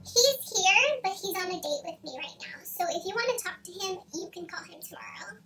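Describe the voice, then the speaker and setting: A woman's voice: very high voice, lively intonation, normal speed, distant mic, over music, pitched above the performer's own voice. A woman voicing a smug young woman, her ex's new girlfriend, in a sly sing-song voice. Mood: taunting.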